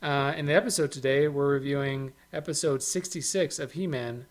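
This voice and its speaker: A man's voice: medium pitch, brisk. A man hosting a podcast, joking through casual introductions. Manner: jokey, playful introductions. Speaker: podcast host. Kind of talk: casual chat.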